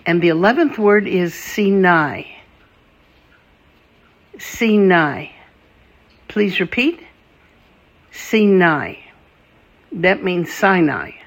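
A language teacher running a patient vocabulary drill, saying each word and asking the listener to repeat it. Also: medium pitch.

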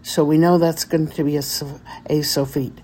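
A woman teaching a vocabulary lesson, deliberately spelling out each word and repeating it for practice. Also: low voice, flat delivery, mellow, breathy edge. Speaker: Hebrew teacher.

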